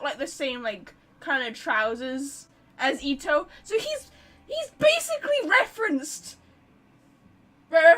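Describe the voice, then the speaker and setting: A woman streamer giving casual, rambling game commentary, excitable and full of fillers. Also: high-pitched.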